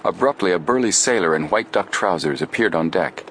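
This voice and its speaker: A man narrating an adventure audiobook in a steady, measured storytelling voice. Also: deep voice, slight background noise. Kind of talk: scripted narration.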